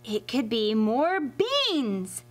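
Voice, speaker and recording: A woman's voice: fairly high pitch, big pitch swings, extremely slow, full character voice. A woman doing an eager hungry boy. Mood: curious. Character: hungry, curious farm boy.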